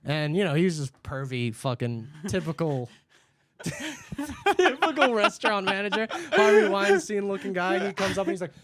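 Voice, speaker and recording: High-voiced profane storytelling man. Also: very animated, normal speed, a loud crowd. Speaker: podcast co-host. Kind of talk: casual storytelling chat.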